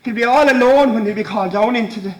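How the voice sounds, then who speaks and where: Man playing a brooding odd young Irishman. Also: sits high. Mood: fearful. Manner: halting, repeats words, fearful. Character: odd brooding young countryman haunted by legends. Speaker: stage actor. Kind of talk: amateur stage play. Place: stage in a hall. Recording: echoey hall from far off.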